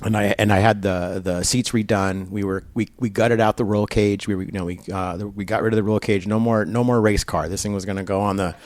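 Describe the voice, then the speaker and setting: Low-voiced man telling a story. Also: brisk, few pauses, no room sound. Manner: animated storyteller, many fillers, acts out quoted voices. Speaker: guest. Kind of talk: casual storytelling interview. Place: barber shop.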